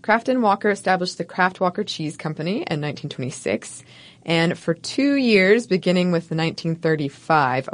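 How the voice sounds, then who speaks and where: Woman, podcast co-host, lowish voice, wry playful storytelling, scripted narration with banter.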